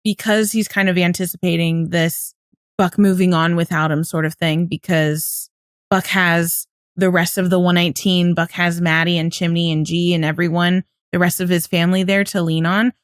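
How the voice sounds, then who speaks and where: Woman co-host, thoughtful casual talk, quick to crack up, dry close sound. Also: fairly low pitch, fairly even intonation, no echo. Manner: analytical, dissolves into laughter. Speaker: podcast co-host. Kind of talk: casual podcast chat.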